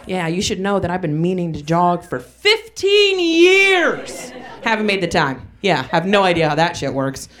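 A woman's voice: fairly low pitch, huge pitch swings, moderate pace. A queer woman doing a rambling, profane stand-up set, laughing at her own jokes. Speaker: stand-up comedian. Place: comedy club stage with live audience. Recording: loud crowd in club. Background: audience laughing.

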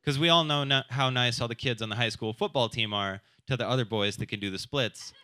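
A man's voice: mid-range voice, sharp tone. Brash self-mocking male stand-up comic. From South Dakota. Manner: crude, self-deprecating, quick shifts into quoted voices. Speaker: stand-up comedian. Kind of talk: stand-up comedy set.

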